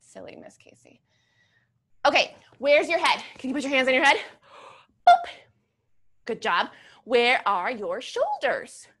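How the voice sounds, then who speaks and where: A woman's voice: high voice, wildly swooping pitch, a little slow, long pauses, a bit bright, husky. A young woman leading a children's movement class, playful and encouraging, with a sing-song teacher manner. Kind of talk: upbeat children's class with music. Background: children's song playing faintly.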